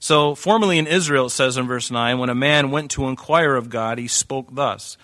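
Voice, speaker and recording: A man preaching a sermon as a pastor, animated and conversational with playful asides. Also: medium pitch, moderate pace, hardly any pauses, no echo, clean studio sound.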